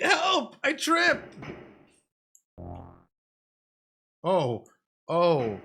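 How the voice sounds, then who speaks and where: A man voicing an eager, clumsy young monster kid in a high, excitable, breathless voice. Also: heavily acted. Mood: panicked, brave.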